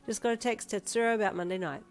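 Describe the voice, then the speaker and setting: A woman reading a fan story aloud, voicing a lively, cheeky teenage schoolgirl who talks brightly. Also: medium pitch, fast talker, faint music behind, pitched above the performer's own voice, natural voice.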